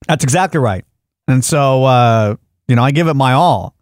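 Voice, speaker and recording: Male podcast host, comic storyteller, mid-pitched, rambling delivery, dry studio mic. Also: expressive, normal speed, no echo. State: groggy, a little delirious. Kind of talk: casual chat.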